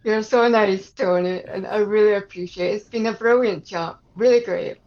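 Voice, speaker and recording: A woman's voice: mid-range voice, normal speed, darkish tone. Woman author guest on a podcast, non-american accent, gushing, kinda muffled sound. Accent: non-American English. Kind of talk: casual interview chat.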